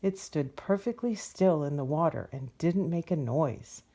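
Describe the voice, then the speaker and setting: Woman storyteller for kids, lowish pitch, warm mellow tone, gentle expressive read-aloud. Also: measured pace. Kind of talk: reading a children's picture book aloud.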